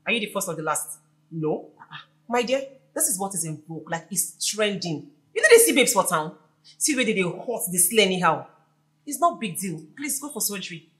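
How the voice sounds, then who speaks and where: An actress with a Nigerian accent playing a pushy, teasing best friend giving bold advice. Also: female voice, medium pitch, sing-song, fairly quick, fairly bright tone.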